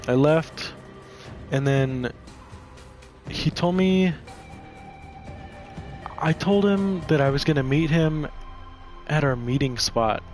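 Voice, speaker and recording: A man's voice: fairly high pitch, slow, pauses often, darkish tone, soft background music. Rambling, profane young man venting. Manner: rambling, profane, heavy use of filler "like". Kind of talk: casual storytelling while gaming.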